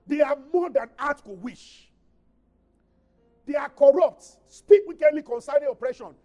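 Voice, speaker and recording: High-voiced Nigerian pastor preaching. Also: male voice, moderate pace, dull audio, faint music behind. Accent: Nigerian English. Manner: preaching with swings from loud emphatic reading to quiet asides. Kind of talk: sermon.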